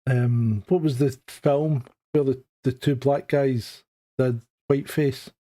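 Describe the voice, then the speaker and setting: A man's voice: medium pitch, fairly even intonation, slow, dark tone. A man from Scotland co-hosting a live stream in a joking, chatty way, often restarting sentences. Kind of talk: casual chat.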